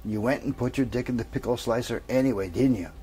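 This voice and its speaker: A man's voice: mid-range voice, fast, dark tone, slight background noise, natural voice. A man voicing a worried male psychiatrist who coaxes his patient, in a told joke. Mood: fretful. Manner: worried, coaxing. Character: fretful middle-aged male psychiatrist.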